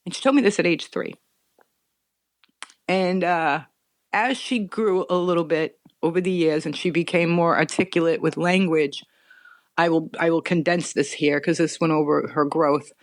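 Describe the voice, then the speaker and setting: A woman's voice: on the low side, fairly even intonation, moderate pace, no room sound. A middle-aged woman earnestly recounting a personal story as a podcast guest, sometimes choked up. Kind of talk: personal story told in an interview.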